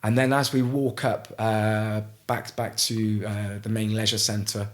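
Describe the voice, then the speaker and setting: A middle-aged man from Gloucester, telling a story as a podcast guest in a halting way, with frequent restarts. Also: fairly low pitch, level tone. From Gloucester, England. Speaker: guest, ice swimmer. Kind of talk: casual storytelling in a podcast interview.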